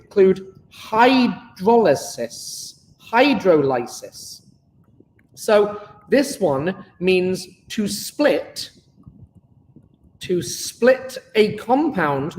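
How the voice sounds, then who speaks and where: A male chemistry teacher giving a live online lesson in a chatty way, repeating key words slowly for students taking notes. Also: high voice, reverberant, in a large hall, slight background noise, poor audio.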